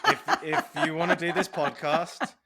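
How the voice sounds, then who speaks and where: A man's voice: a little high, lively intonation, measured pace, pushed and bright. A British man hosting a casual podcast interview, chatty and enthusiastic with a joking streak. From Britain. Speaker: podcast host.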